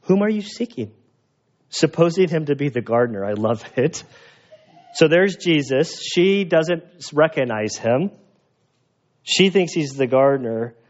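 A man preaching a sermon in a lively, animated way, acting out the voices of people in the story. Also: fairly high pitch, a little slow, muffled recording. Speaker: pastor.

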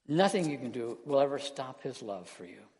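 A man preaching an earnest sermon as pastor, slowing down and softening his voice on key words. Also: mid-range voice, very animated. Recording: long hall reverb.

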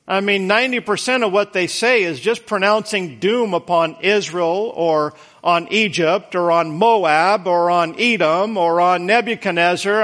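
A man's voice: sits high, measured pace, few pauses, a bit bright. A man preaching a conversational sermon in an earnest, folksy way, repeating words for emphasis.

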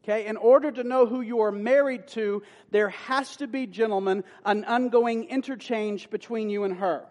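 Male pastor, very high voice, folksy sermon delivery with loud emphatic peaks, long church reverb. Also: normal speed, hardly any pauses. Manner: folksy, playful preaching with rising emphatic bursts. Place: church sanctuary.

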